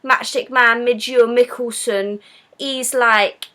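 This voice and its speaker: A woman's voice: sits high, a little slow, pushed and bright. A woman hosting a live stream, giving a blunt, sarcastic, casual film review.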